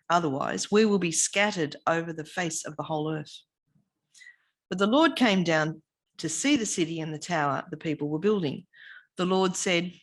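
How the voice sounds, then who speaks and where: Woman reading scripture aloud, lowish voice. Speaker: scripture reader.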